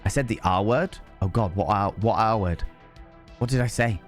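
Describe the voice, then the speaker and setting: A man chatting casually on a live stream, rambling and animated, swearing freely. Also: lowish voice, normal speed, soft background music.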